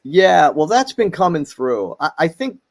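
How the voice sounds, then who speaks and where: Halting middle-aged man, casual chat. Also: fairly high pitch, very animated. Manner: halting, many fillers and restarts. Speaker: podcast guest.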